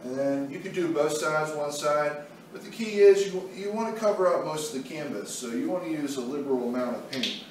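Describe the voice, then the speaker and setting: A male art instructor with a voice on the high side speaks briskly while painting, explaining the demonstration step by step in a laid-back way. Heavy echo, a far-off microphone, and faint noise color the audio.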